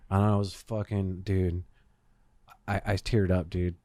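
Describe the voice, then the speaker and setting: A man's voice: low voice, little pitch movement, measured pace, long pauses, dark tone, no room sound, studio quality. A man hosting a podcast, telling a story in casual chat, swearing often and using lots of fillers. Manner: profane storytelling, swears a lot, many fillers. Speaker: podcast host.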